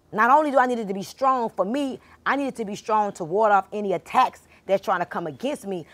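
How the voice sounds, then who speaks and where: A woman's voice: fairly high pitch, a bit bright. A woman giving a motivational spiritual talk, speaking directly and informally to her listeners and repeating her points for emphasis. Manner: informal and conversational.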